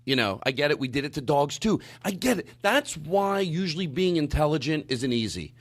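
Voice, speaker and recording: A man's voice: fairly high pitch, big pitch swings, brisk. A man hosting a casual comedy podcast, rambling and earnest, often interrupting himself. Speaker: podcast host.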